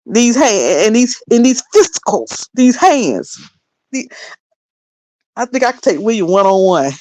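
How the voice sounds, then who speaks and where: A woman's voice: on the high side, sing-song, a little slow, darkish tone, dry recording. A woman hosting a casual livestream, sassy and laughing as she mocks someone. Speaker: livestream host. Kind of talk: casual commentary.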